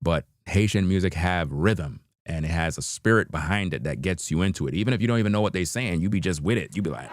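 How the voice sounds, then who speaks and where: This time the New York livestream host is animated, talking fast with few pauses in his deep voice as he reacts to videos. His casual banter is full of slang, chuckles, and repeated "you know what I mean," with no echo in the audio.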